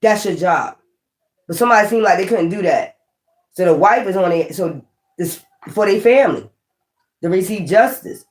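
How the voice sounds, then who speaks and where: A woman's voice: mid-range voice, animated, moderate pace, pauses often. A woman giving a casual tarot reading, blunt and profane, thinking aloud as she goes. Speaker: tarot reader. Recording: roomy echo.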